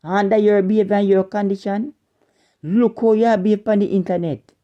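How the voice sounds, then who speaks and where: A woman's voice: mid-range voice, fairly even intonation, a little fast, dull audio. A woman with a Jamaican accent delivering an indignant scolding rant as an online commentator, repeating and stumbling over her words.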